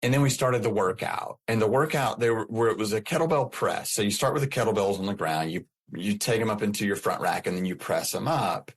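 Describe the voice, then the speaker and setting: A man's voice: on the low side, brisk, hardly any pauses, husky. A middle-aged man, a podcast guest, telling his personal story in an earnest way, often repeating and restarting his phrases.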